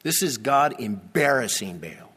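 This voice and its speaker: Pastor preaching in an echoing hall. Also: male voice, medium pitch, sing-song, measured pace, a bit bright, breathy edge. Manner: expository, teasing asides, emphatic. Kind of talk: sermon.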